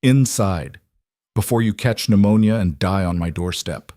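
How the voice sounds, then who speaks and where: A man voicing a severe aristocrat who speaks flatly and curtly. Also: fairly low pitch, moderate pace, no echo, studio quality, lightly acted. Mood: cold. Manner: flat, curt. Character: cold, severe male aristocrat.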